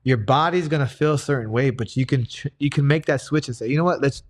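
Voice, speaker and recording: A man's voice: mid-range voice, fast. A young man telling a story in casual conversation, full of fillers and restarts. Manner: rambling, many fillers and restarts. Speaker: guest, grappling coach and personal trainer.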